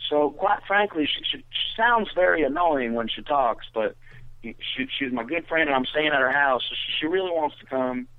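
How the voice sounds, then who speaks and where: A man's voice: fairly high pitch, expressive, normal speed, dry recording, pitched above the performer's own voice, natural voice. Man doing a whiny teenage girl. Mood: pleading. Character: whiny nineteen-year-old girl, pushy and blunt. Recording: tinny phone-like audio.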